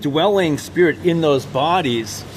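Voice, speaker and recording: A man delivering an off-the-cuff monologue, his voice sitting on the higher side. He rambles and stumbles through restarts and fillers, pressing hard on his points, with a faint hum of background ambience. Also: a little slow. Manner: intense, emphatic. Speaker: vlogger. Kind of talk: unscripted monologue.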